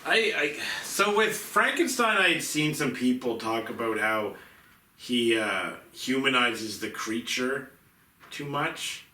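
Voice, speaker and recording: Rambling man, bright voice, echoey room. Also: medium pitch, animated, slow, slight background noise. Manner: rambling, filler-heavy, restarts often. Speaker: movie podcast co-host. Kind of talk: casual film review chat. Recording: echoey room, mic at a distance.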